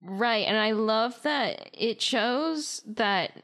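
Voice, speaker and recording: A woman's voice: on the high side, lively intonation, very slow, a bit bright. A woman chatting casually about a show, often agreeing and laughing along. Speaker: podcast co-host. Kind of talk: casual chat.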